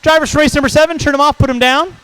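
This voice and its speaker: High-voiced jokey race announcer man. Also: fairly even intonation, bright, forceful tone, dry recording, low-quality recording. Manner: brisk, jokey, calls names in quick runs. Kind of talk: live race commentary.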